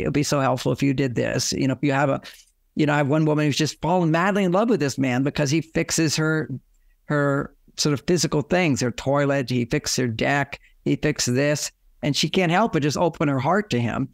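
Gravelly man giving relationship advice. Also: on the high side, fairly quick, no echo, clean studio sound. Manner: rambling, often acting out quoted dialogue. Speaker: relationship author and guest.

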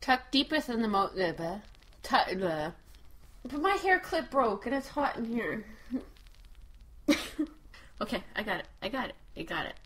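A woman's voice: on the high side, very animated, unhurried, pauses often, a bit bright, husky. A woman voice actor reading lines in a recording session, giggling and flustered as she restarts.

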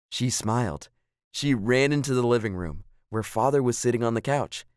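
A man calmly reading a children's storybook aloud. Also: mid-range voice, moderate pace, no echo, studio quality.

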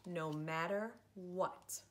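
A woman's voice: fairly low pitch, extremely slow, a bit bright, a little hiss or hum. A woman, a preschool teacher, reading a picture book aloud to children in a playful, theatrical way. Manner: playful, theatrical, switches into silly voices.

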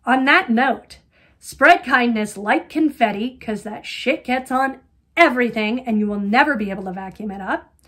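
A middle-aged woman talks casually on her knitting podcast. Her voice sits a little high, and she rambles from one everyday topic to the next with plenty of ums and dry little asides. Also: moderate pace, a bit bright. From Colorado, USA. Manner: chatty, rambling, lots of ums, wry asides. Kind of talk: casual chat.

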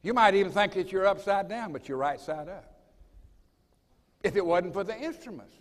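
A man's voice: sits high, lively intonation, normal speed. A man, a college president telling a dramatic personal story in a folksy way at a school assembly. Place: assembly hall. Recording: reverberant hall.

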